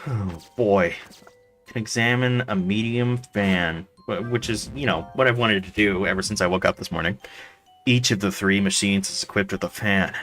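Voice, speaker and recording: A man's voice: fairly low pitch, moderate pace, a bit bright, soft background music. A man streaming a game, playfully reading its dialogue aloud with jokey asides. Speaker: let's play streamer.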